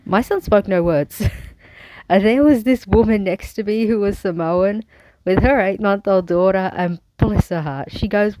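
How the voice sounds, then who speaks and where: A woman's voice: mid-range voice, normal speed, dark tone, no echo, low-quality recording. An Australian woman telling her own story to camera in a frank, wry manner, with bursts of sarcasm. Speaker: vlogger. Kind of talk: candid personal storytelling.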